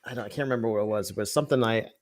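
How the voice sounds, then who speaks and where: A man co-hosting a developer podcast, talking casually and searching for words as he goes. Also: fairly low pitch. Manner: quick, hesitant, searching for words. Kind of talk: casual tech chat.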